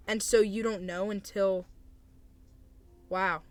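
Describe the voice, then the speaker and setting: A woman's voice: mid-range voice, a little slow, long pauses, no room sound. A young woman streamer giving casual advice to chat, hesitant and apologetic, with awkward laughs.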